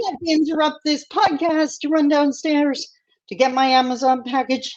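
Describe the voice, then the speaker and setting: A woman with a higher voice chats candidly on a podcast and often laughs at herself. She is heard over a video call that sounds a bit dull and lo-fi. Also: normal speed. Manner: laughing, candid, self-mocking. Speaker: podcast co-host.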